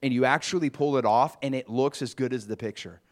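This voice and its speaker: A man's voice: mid-range voice, fairly quick. A man preaching a conversational sermon, musing aloud with asides to the congregation. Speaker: pastor.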